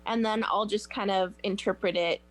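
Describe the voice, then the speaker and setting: A woman's voice: medium pitch, steady tone, moderate pace. A woman joining as a guest, casually describing her experience. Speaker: show guest. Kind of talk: casual chat.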